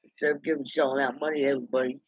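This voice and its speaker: A man's voice: mid-range voice, little pitch movement, rapid-fire, husky, no echo. A man in a rambling, indignant gossip monologue, talking to himself. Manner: chatty, indignant, talks to himself. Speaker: vlogger. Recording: dull lo-fi dry recording.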